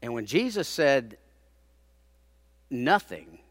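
A man preaching a sermon, dramatically acting out the people he quotes, rising to loud peaks and dropping to hushed tones. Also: big pitch swings, slow, no room sound, studio quality. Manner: dramatic, acts out quoted speakers with big swings in loudness; drops to hushed low tones for emphasis.

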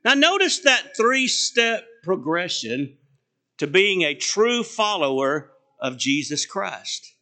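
A middle-aged man preaching a sermon in a high, bright voice. He takes his time, leaning hard on key phrases and letting each line trail off low. He often throws rhetorical questions at the congregation. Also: big pitch swings, slow. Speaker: pastor.

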